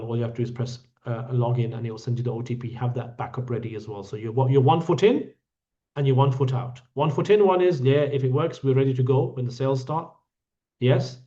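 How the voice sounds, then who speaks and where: A man's voice: mid-range voice, dark tone. A man guiding a hajj group in an online Q&A session, talking bluntly with teasing jokes. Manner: blunt, joking, scolding. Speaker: hajj tour guide. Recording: dull lo-fi audio.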